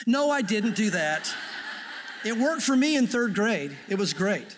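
A middle-aged male pastor preaching a sermon in an earnest, conversational way with gentle humor. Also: high-pitched, very animated, moderate pace, in a large hall.

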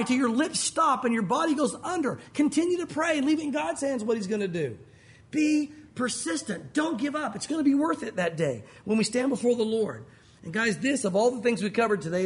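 A man preaching a sermon as pastor, animated and earnest, his voice rising and falling. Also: extremely high pitch.

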